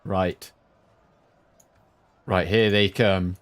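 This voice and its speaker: A man streaming a strategy game, chatting with viewers between sudden excited outbursts. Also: deep voice, extremely slow. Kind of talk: live gameplay commentary.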